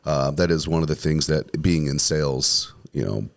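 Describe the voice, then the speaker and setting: Salesman co-host, male, extremely deep voice, easygoing casual talk. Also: moderate pace, creaky. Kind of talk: casual chat.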